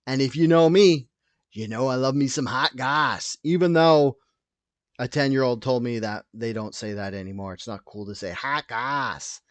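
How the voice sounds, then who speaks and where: A man hosting a solo podcast, rambling through tangents with lots of swearing, loud and wired on coffee. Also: mid-range voice, moderate pace, dry recording. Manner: rambling, tangent-prone, profane. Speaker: podcast host.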